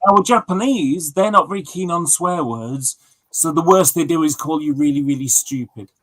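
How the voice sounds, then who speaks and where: A man with a somewhat high voice wanders through a long story, pausing on fillers and doubling back over his words. He talks in a relaxed, chatty way on a livestream with friends. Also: no room sound, poor audio. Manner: rambling, storytelling with many fillers. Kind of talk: casual chat.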